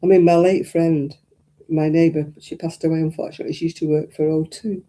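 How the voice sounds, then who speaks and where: A woman's voice: sits low, little pitch movement, fairly quick, mellow. An older woman, chatting casually as host of a crafting livestream and rambling through anecdotes. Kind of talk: casual chat.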